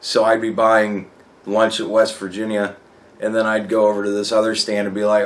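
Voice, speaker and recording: Talking briskly in a lowish voice, a young man rambles through a casual vlog. His storytelling is animated and full of profanity, and he laughs frequently while acting things out.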